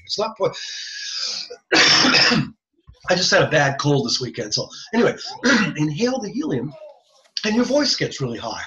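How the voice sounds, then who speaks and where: Guy teaching a class on a video call, kinda high voice, really animated, chatty asides, muffled lo-fi sound. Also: a little hiss or hum. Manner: chatty, explains step by step with joking asides. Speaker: instructor. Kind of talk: online lecture. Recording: dull lo-fi video call audio.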